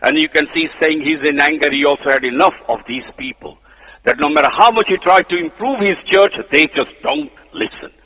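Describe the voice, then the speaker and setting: A man with a Punjabi accent preaching a sermon, emphatic, swinging between loud declarations and soft low asides. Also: normal speed. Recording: long hall reverb.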